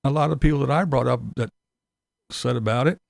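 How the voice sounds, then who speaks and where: Gravelly, sarcastic ranting man. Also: medium pitch, brisk, a little mellow, no echo, studio quality. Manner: profane, sarcastic, mocking. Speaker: YouTube commentator. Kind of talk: ranting commentary.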